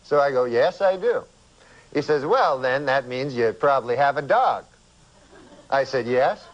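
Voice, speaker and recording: A man, a comedian guest, telling a long rambling anecdote in a deadpan, halting way with many uhs. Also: medium pitch, muffled recording.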